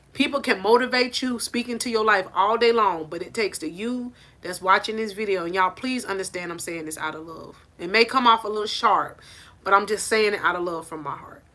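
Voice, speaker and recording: Emphatic, bright-voiced woman coach. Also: mid-range voice. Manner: preachy, emphatic, repeats "I said it". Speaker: life coach. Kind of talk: motivational talk to camera. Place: on a porch outdoors. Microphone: phone held in hand.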